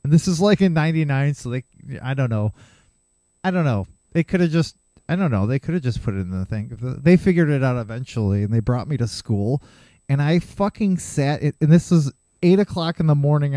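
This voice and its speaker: A man's voice: medium pitch, lively intonation, fairly quick, mellow, no room sound. A man in his thirties hosting a solo podcast, telling a rambling, heavily profane story from his youth with self-mocking asides. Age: 30s. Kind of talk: casual storytelling monologue.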